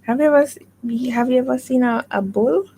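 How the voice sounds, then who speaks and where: A woman hosting a radio reading segment, patiently prompting and gently correcting a young reader. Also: high voice, fairly quick, creaky, a little hiss or hum, rough recording. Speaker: radio host coaching a child reader. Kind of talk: guided reading lesson.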